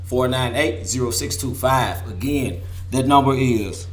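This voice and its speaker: A man from Memphis, hosting a casual sports talk show, hoarse from losing his voice and trash-talking with bursts of laughter. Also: mid-range voice, measured pace. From Memphis, Tennessee. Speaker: host.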